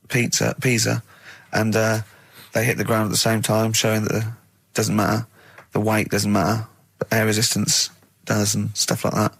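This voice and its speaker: Male host, husky voice, dry studio sound, chatty and prone to giggling. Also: lowish voice, fairly bright tone, dry recording. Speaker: radio host. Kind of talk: casual comic chat.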